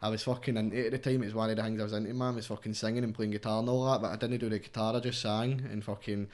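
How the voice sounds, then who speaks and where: A man's voice: on the low side, level tone, rapid-fire, a little mellow. A young man with a Scottish accent, a guest rapper chatting casually, rambling and swearing constantly, tagging everything with "mate.". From Scotland. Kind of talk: casual interview chat.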